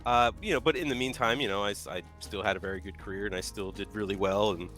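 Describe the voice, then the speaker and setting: A man co-hosting a live painting stream, telling stories in a loud, animated way and laughing often. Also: lowish voice, fast, soft background music. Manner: animated storyteller, acts out yelling, laughs a lot. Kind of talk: casual chat, telling stories.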